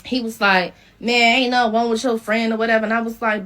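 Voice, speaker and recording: A woman's voice: fairly high pitch, fast talker, slight background noise. A woman telling a story in a casual, profane way, acting out what people said. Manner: animated, profane, acts out quotes.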